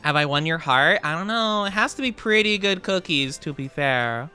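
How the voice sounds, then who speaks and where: Bright, giggly livestreamer chatting. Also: mid-range voice, expressive, normal speed, smooth, faint music behind. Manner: chatty and giggly, answers chat messages. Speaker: streamer reading chat. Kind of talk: casual livestream chat over gameplay.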